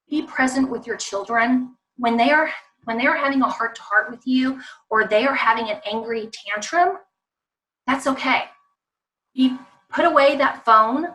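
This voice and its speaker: Woman parenting coach on a video call, bright, slightly higher voice, punchy and repetitive delivery, a little far from the mic. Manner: emphatic, repetitive, addresses parents directly. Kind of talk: online parenting talk with slides.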